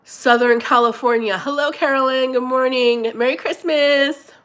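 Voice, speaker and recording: A middle-aged woman with a stuffy nose hosting a casual livestream, chatting with her viewers and greeting them warmly by name. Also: high voice, steady tone, moderate pace. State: congested, blowing her nose. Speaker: livestream host reading viewer chat.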